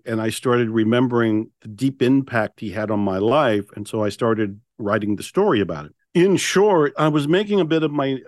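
An older man tells stories on a podcast. His pitch climbs and dips as he acts out his own self-talk and presses on key words. The sound is close and dry. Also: dry recording. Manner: animated, emphatic, quotes his own inner voice. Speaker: podcast guest, author and speaker. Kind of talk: storytelling in a conversational interview.

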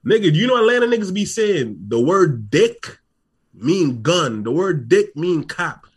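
A man's voice: sits high, big pitch swings, unhurried, slightly rough. A man with a New York accent, co-hosting a podcast in casual chat, brash and swearing as he talks over the others. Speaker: podcast co-host.

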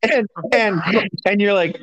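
A man's voice: high-pitched, a little slow, muffled recording, crowd noise. A man casually telling stories, swearing a lot and laughing through them. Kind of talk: casual storytelling chat.

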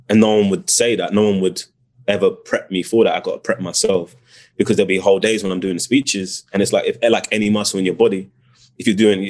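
A British actor speaking as a guest in a casual interview, reflective and searching for words with many restarts. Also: male voice, deep voice. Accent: British English.

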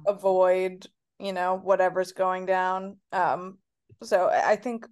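A woman's voice: on the low side, fairly even intonation, slow pace, a little mellow. A woman co-hosting a podcast, joking playfully and swearing casually as she recaps a TV episode. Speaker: podcast co-host.

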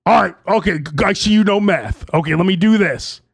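A man's voice: high-pitched, brisk, gravelly, slightly rough, no echo, heavily acted. A man voicing a pushy male personal trainer doing a hard sell, pleading and wheedling and calling everyone bro.

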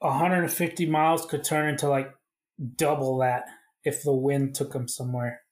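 A man's voice: medium pitch, level tone, normal speed. A man co-hosting a podcast in casual chat, joking and laid-back. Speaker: podcast co-host.

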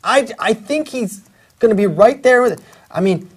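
A man's voice: high-pitched, expressive, normal speed, husky. Opinionated man rambling about sports. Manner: rambling, opinionated, many restarts. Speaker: podcast host. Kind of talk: casual sports talk.

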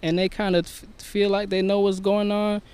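Soft-spoken reflective man, clear voice. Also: high voice, little pitch movement, moderate pace. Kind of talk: casual chat.

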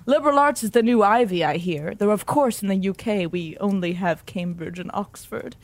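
A woman's voice: medium pitch, moderate pace, lightly acted. A woman doing a purring, suave old professor. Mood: seductive. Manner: soft, purring and seductive. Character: suave older British male literature professor.

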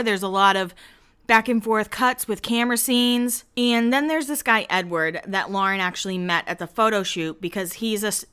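Smooth-voiced woman podcaster, chatty casual recap, lots of "like". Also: mid-range voice, sharp tone. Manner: chatty, peppered with "like", acts out quotes. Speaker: podcast host recapping a reality show.

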